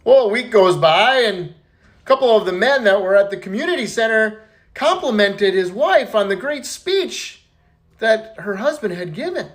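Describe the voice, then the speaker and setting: A man telling a string of jokes in a casual, animated way, jumping up in pitch for the punchlines. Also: normal speed. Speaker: joke teller.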